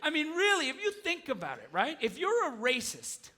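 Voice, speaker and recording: Excitable stand-up comic, high voice. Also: male voice, normal speed. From Canada. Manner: excitable, profane, riffing on the crowd. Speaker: stand-up comedian. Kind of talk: stand-up comedy set. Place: large theatre stage with live audience. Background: audience laughter.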